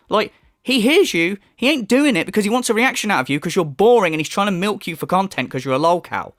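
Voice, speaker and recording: A man's voice: high voice, expressive, fast, a bit bright, no echo, clean studio sound. A man delivering a profane, mocking commentary rant, often mimicking others in sneering voices. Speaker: commentary YouTuber. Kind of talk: ranting commentary.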